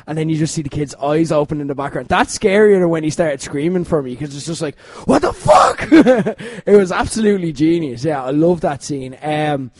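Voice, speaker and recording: A man, co-hosting a casual chat, animated, laughing often and mimicking characters. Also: on the high side, no room sound. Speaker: podcast co-host.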